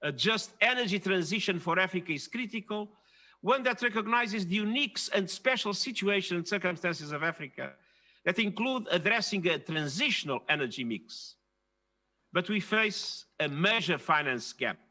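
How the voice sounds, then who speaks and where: An older man delivering a formal prepared speech at a leaders' dialogue, measured and emphatic. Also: sits high, lively intonation, sharp tone. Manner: measured, emphatic, stressing key phrases. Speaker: keynote speaker at a leaders' dialogue.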